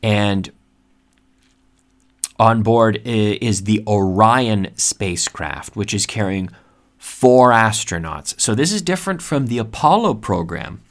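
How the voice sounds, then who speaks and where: A man hosting an English lesson, speaking slowly and repeating key words so learners can practice pronunciation. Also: fairly low pitch, lively intonation. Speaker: English teacher and podcast host. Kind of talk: casual vocabulary lesson.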